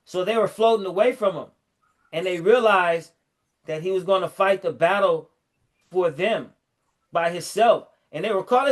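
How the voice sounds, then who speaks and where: A middle-aged man in casual chat, animatedly retelling a story and acting out the lines in a lower voice. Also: normal speed. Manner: animated storyteller, fillers and restarts, acts out quotes in a lower voice.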